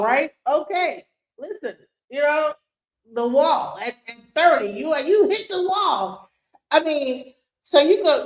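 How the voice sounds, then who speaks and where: A middle-aged woman hosting a livestream, ranting in a heated, profane way and firing off rhetorical questions. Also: sits high. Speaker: streamer host. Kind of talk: livestream commentary reacting to a clip. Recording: roomy echo.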